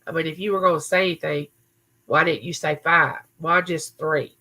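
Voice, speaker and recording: A woman hosting a relaxed livestream from a room in her home, reading viewer comments and talking back to people by name. Her voice is on the low side for a woman, with a bright, forward edge. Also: moderate pace, low-quality recording. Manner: chatty, answers viewers by name. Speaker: livestream host. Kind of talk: casual live chat reading viewer comments.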